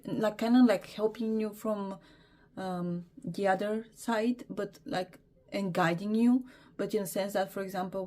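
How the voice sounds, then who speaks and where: A woman's voice: medium pitch, mellow. A young adult woman giving a casual tarot reading, talking hesitantly with many fillers and apologies. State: emotional, teary. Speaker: tarot reader.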